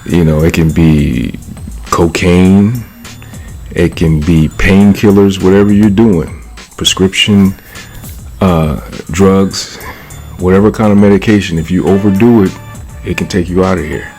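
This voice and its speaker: A man's voice: deep voice, steady tone, measured pace, a little mellow, faint music behind. A man from California talking casually into the camera, slangy and profane, laughing often and asking "you know what I'm saying?". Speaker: vlogger. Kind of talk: casual commentary monologue.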